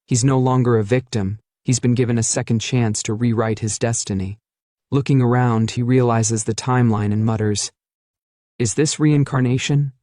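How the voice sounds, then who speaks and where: A man's voice: medium pitch, flat delivery, normal speed, mellow, dry recording, clean studio sound. A man narrating a comic recap as dramatic storytelling.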